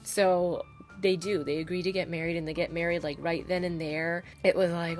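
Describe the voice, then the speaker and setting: A woman's voice: fairly low pitch, brisk, a little mellow, soft background music. A woman casually reviewing a novel on her channel, gushing and chatty, with lots of "like" and "oh my God". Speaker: book reviewer. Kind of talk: casual spoiler-filled book review.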